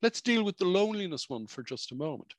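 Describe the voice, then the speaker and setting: A man's voice: high-pitched, big pitch swings, quick pace, dry recording. A middle-aged man, a practicing psychologist, talking about emotions in a conversational, explanatory way with vivid examples and asides. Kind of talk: reflective spoken talk on emotions.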